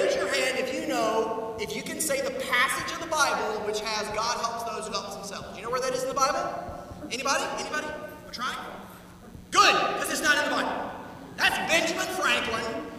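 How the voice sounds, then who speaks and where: A high-pitched, bright-toned man preaches a lively sermon, acting out the quoted voices as he goes. He sounds a little far from the mic, and his voice rings through a church with a long reverb tail. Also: fairly quick, a little hiss or hum. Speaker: pastor. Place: church sanctuary. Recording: echoey church hall, heard from a distance.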